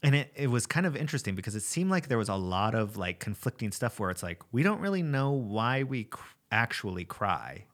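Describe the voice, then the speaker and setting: A man's voice: medium pitch, sing-song, a little fast, hardly any pauses, a bit bright. A young man co-hosting a casual talk show, thinking aloud in a rambling way. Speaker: podcast co-host. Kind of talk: casual chat.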